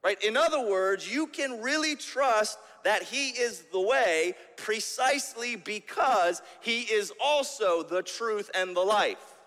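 A man's voice: sits high, expressive, slow pace, few pauses, a bit bright, long reverb tail. A man preaching a sermon as pastor, tagging his points with "right?" and often repeating words as he restarts.

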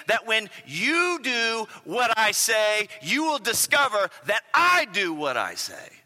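A man preaching a sermon in an animated way, with stammering restarts and rhetorical questions. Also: high-pitched, slow pace, few pauses, in a large hall.

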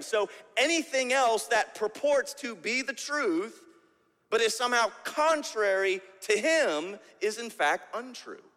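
A man's voice: high-pitched, fairly bright tone, long reverb tail. A man preaching a sermon as pastor, tagging his points with "right?" and often repeating words as he restarts.

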